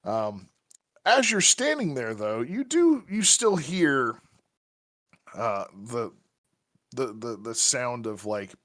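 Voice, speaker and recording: A man narrating a tabletop game as game master, talking in a halting way with many restarts and fillers. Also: medium pitch, big pitch swings, a bit bright, no room sound.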